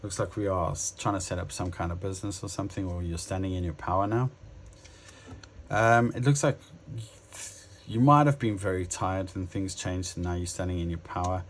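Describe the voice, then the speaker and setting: A man giving a casual tarot reading to his viewers, musing aloud with many pauses and restarts. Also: low-pitched, steady tone. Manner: addresses viewers directly. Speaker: tarot reader.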